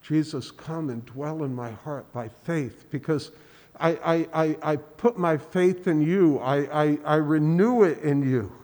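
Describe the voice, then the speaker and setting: Slow, earnest male preacher in a hall. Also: on the high side, darkish tone. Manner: earnest, halting, with many restarts and repeated words. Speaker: pastor. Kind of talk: sermon. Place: church sanctuary.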